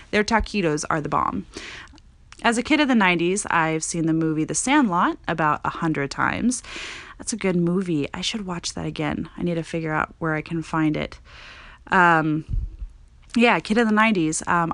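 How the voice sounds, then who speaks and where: A woman's voice: lowish voice, fairly bright tone, dry recording. A woman in her thirties from Montana, hosting a casual personal podcast monologue in a chatty way, with frequent "um" fillers. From Montana, USA. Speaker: podcast host.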